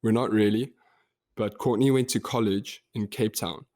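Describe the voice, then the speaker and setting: A young man with a South African Durban accent, co-hosting a podcast in relaxed, explaining casual chat. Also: lowish voice, normal speed. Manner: relaxed, explaining, slightly monotone. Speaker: podcast co-host.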